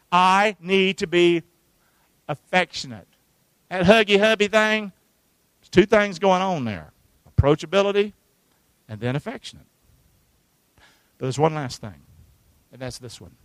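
A man preaching a sermon to his church, talking conversationally with rhetorical questions and swinging from hushed asides to loud, emphatic lines. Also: sits high, clean tone, dry recording. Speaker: pastor. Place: church sanctuary.

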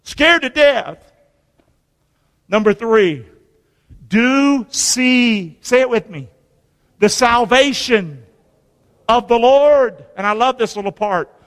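A male pastor preaching a sermon, lively and conversational, with call-and-response and joking asides. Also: extremely high pitch, slow, pauses often. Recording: long hall reverb.

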